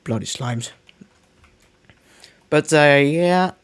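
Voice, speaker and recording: A man's voice: a little high, animated, very slow, clean tone. A man streaming a game, giving casual live commentary, rambling and restarting his sentences as he plays. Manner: rambling, restarts often, mutters to himself.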